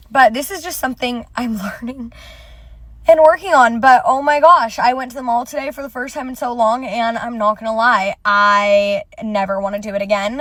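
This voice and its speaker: A woman's voice: a little high, fairly bright tone, no room sound. A young woman ranting casually and brashly to camera, swearing often. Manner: brash and profane, frequently swearing. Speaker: TikTok creator. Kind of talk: casual selfie rant.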